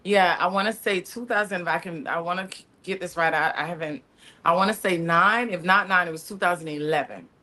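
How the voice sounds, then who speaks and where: A woman's voice: on the low side, brisk, bright, forceful tone. A woman talking candidly as a podcast guest, chatty and open, often calling people "honey". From Miami area. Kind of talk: casual chat.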